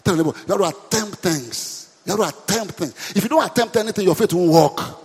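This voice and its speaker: A man's voice: sits high, a little fast, slightly rough. A man preaching a sermon as pastor, calling out questions to his congregation and urging them to answer back. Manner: call-and-response preaching, repeated questions to the congregation. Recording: long hall reverb.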